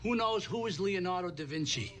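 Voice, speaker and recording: A proud, indignant Italian-American teacher. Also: male voice, high voice, lively intonation, a little fast, background noise. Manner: indignant, quizzing a class. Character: proud, touchy Italian-American male schoolteacher.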